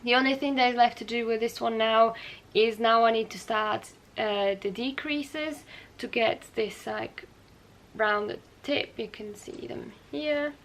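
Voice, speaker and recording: A young woman with a fairly high voice hosts her own knitting show in a relaxed, conversational way. She rambles a little and corrects herself as she goes. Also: unhurried, slight background noise. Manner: chatty and rambling, with light laughs and self-corrections. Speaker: knitting podcast host. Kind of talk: casual show-and-tell chat.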